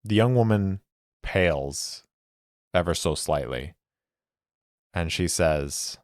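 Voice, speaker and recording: Deep-voiced man narrating a solo tabletop game. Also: takes it slowly, long pauses, dry recording, clean studio sound. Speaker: solo game master and podcast host.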